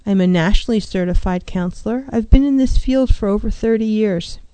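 A woman's voice: medium pitch, fairly quick, mellow, clear, resonant tone, no echo. A middle-aged woman, a licensed counselor hosting a show, giving earnest advice and acting out clients' voices. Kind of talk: talk show monologue.

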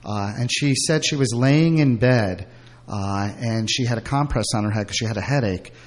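A man's voice: mid-range voice, moderate pace. Middle-aged man telling personal stories. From Brooklyn. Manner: rambling, frequent fillers and restarts. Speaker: guest. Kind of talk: candid personal storytelling.

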